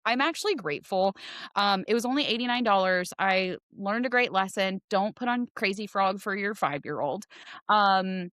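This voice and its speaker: A woman in her forties telling a personal story in a casual podcast chat, animated and acting out voices as she goes. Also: mid-range voice, moderate pace, no room sound, studio quality. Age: 40s. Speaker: podcast guest, realtor.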